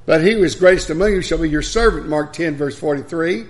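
An older man with a gravelly, slightly high voice preaches a fast-paced sermon, reading scripture and sharing homespun stories about his life and his late wife.

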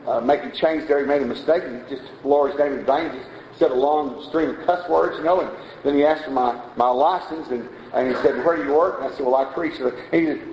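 Folksy preacher in a roomy hall. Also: male voice, medium pitch, a little fast. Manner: folksy, conversational preaching with asides and chuckles. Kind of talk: sermon. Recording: roomy, dull lo-fi sound with faint noise.

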